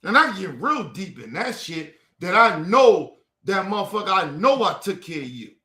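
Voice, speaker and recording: A man's voice: high voice, very animated, normal speed, sharp tone, roomy sound. A man in an angry, profane rant at his family, repeating himself in heated outbursts.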